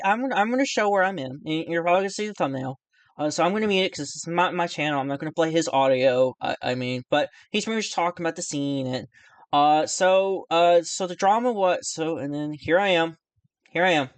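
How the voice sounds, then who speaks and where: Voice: mid-range voice, clear, resonant tone, dry recording. Nervous stammering YouTuber, dry sound. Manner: nervous, stammering, self-deprecating, with frequent restarts; swears casually. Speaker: YouTuber responding to another creator. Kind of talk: casual rambling video commentary.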